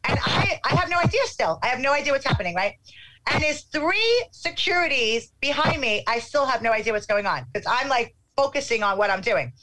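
A middle-aged woman telling a casual anecdote in an animated way, acting out what people said. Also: sits high, fairly quick, a little hiss or hum, rough recording. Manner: animated, acts out quotes.

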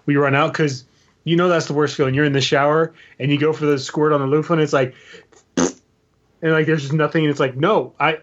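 A man's voice: a little high, flat delivery, brisk, dull audio. A man rambling through casual podcast chat, filling his talk with "you know" and "like.".

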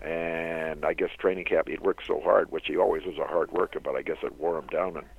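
A low, gravelly voice of an older man from Canada, spinning loose, rambling stories from his playing days and chuckling at his own tales. The sound comes through a thin, tinny phone line with a dry, close feel. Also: steady tone, fairly quick, no echo. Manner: rambling anecdotal storyteller who laughs often. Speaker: guest, former hockey player. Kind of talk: storytelling interview.

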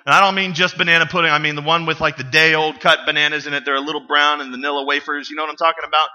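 Bright-voiced pastor preaching with humor. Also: male voice, fairly high pitch, flat delivery, rapid-fire. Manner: conversational storytelling with humor, asks the congregation questions. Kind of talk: sermon. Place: church sanctuary.

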